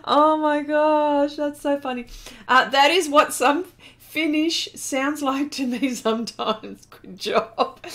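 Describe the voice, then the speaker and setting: A woman's voice: a little high, fairly bright tone. A woman chatting casually on a live art stream, reading viewer comments aloud and exclaiming often.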